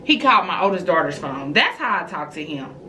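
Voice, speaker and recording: A woman with a bright, forward voice telling a family story to her viewers in a chatty story-time vlog. She is animated and swoops up high whenever she acts out her own reactions. She speaks casually and directly to her audience. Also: a little fast, slight background noise, low-quality recording.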